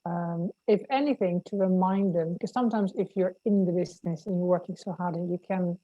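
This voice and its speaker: Female panel host, low mellow voice, dull dry recording. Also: a little fast, no room sound. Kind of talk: casual panel chat.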